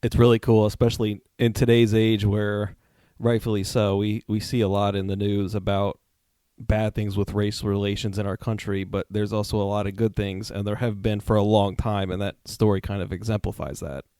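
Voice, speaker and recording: A man's voice: lowish voice, level tone, moderate pace, smooth, dry recording. Man hosting a podcast, dry sound. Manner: read-aloud promotional intro. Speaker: podcast host. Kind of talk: scripted intro, then interviewing. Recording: dry studio sound with soft music.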